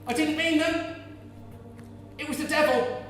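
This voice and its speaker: A man's voice: extremely high pitch, fairly even intonation, a little slow, a little hiss or hum. A man performing a distraught young peasant mother clinging to her baby, in a tender, cooing and fervent stage monologue. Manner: tender, cooing and fervent, bursting into shouted curses. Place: large theatre hall. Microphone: distant stage mic. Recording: echoey hall from far off.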